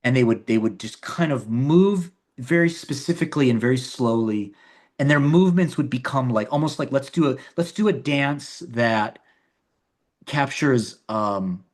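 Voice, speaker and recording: A filmmaker guest with a mid-range, expressive voice talks at a normal speed in a casual interview. He discusses his own films animatedly, frequently repeating himself and starting sentences over.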